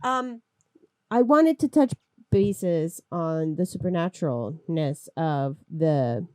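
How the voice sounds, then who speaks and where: A woman's voice: low voice, animated, takes it slowly, a little mellow, no echo. Woman, podcast co-host, casual film chat, sarcastic and jokey, dry close sound.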